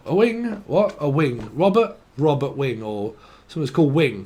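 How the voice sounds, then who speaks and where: A man's voice: on the high side, big pitch swings, unhurried, a little mellow, husky. A man giving a tarot reading, rambling stream-of-consciousness style, swearing freely and laughing at himself. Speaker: tarot reader.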